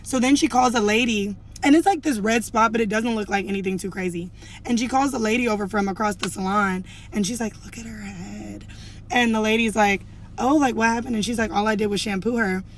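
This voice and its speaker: A woman's voice: fairly high pitch, fast, slight background noise. A young woman telling a storytime to camera in a casual, chatty way, full of "like" and acting out what others said. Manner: chatty, heavy use of "like", acts out quoted lines.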